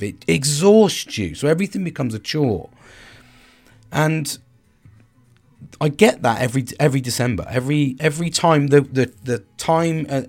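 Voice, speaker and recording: A man's voice: fairly high pitch, vocal fry. Rambling, foul-mouthed Cockney man. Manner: rambling, swears freely, restarts often. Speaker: podcast host. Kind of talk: casual personal monologue.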